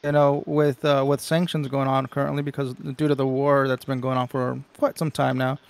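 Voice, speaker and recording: Casual podcast host, man, raspy fry in the voice, dry close sound. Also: mid-range voice, little pitch movement, normal speed, no echo. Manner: jokey, put-on accent in the opening.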